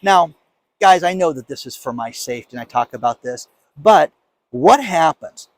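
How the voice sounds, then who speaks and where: A man's voice: a little high, lively intonation, moderate pace, no echo. A man in his fifties, hosting a casual monologue, telling a story with emphatic, indignant energy and acting out quoted lines. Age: 50s. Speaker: show host.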